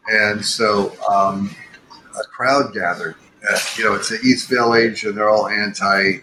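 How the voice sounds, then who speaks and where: Older man, low voice, rambling. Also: steady tone, measured pace, background noise. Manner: rambling, many fillers and restarts. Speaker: podcast guest, animator. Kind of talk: casual storytelling.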